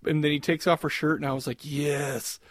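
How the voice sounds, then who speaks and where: A man chatting casually on a podcast, rambling and laughing at his own crude jokes. His voice sits a little high. The mic is close and the sound is dry. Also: fairly even intonation, racing, fairly bright tone, no room sound. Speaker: podcast co-host. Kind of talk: casual chat.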